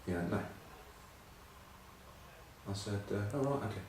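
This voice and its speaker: A man's voice: lowish voice, animated, measured pace, darkish tone, heavy reverb, recorded from a distance, slight background noise, low-quality recording. A middle-aged English man telling rambling, self-mocking rugby stories in casual chat. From England. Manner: rambling, self-mocking anecdotes with many ums. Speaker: rugby pundit.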